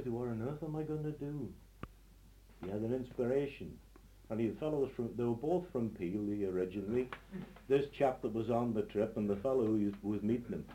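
A man's voice: medium pitch, normal speed, dark tone, slight background noise, rough recording. A man telling humorous anecdotes in a rambling, self-correcting way.

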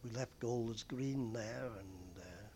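An older man telling stories from his days as a bus conductor, rambling with frequent pauses and fillers. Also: medium pitch, darkish tone, a little hiss or hum. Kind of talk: oral history reminiscence.

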